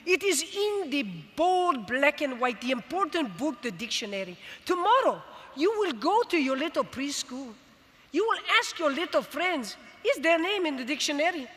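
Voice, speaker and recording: Give me a woman acting as a fervent, tearful father, bright and tense, ringing with a long arena echo. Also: sing-song, normal speed. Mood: coaxing. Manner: emphatic and emotional, swelling in pitch and volume. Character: tearful, proud, fervent father addressing his small daughter. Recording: long reverb of a big arena.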